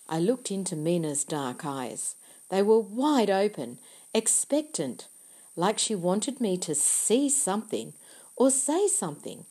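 A woman reading a novel aloud in the first person, with quiet, measured storytelling. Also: medium pitch, sing-song, slightly rough. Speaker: audiobook narrator. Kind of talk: first-person audiobook narration.

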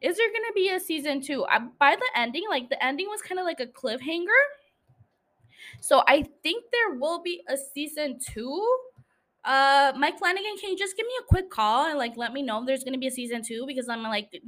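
High-voiced young woman, casual and cussing. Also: animated, brisk, a bit bright. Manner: chatty, swears freely, laughs often. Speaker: podcast host. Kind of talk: casual solo podcast chat.

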